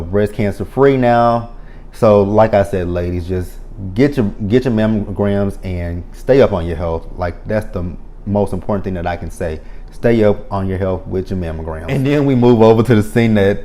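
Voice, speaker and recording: Profane, animated man recapping reality TV. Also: on the low side, moderate pace. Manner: animated and profane, laughing often. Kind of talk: casual recap commentary.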